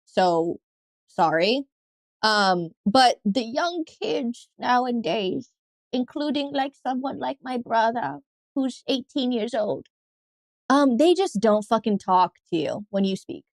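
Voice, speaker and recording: A woman's voice: on the high side, expressive, no echo. A young woman co-hosting a podcast, chatty and teasing, swearing freely. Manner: chatty, swearing, quick to tease. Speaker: podcast co-host. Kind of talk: casual chat. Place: podcast studio.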